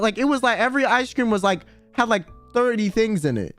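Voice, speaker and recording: A man with a high voice chats casually on a stream, rambling through a story full of slang and swearing. Soft music plays quietly behind him. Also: expressive, fairly quick, hardly any pauses.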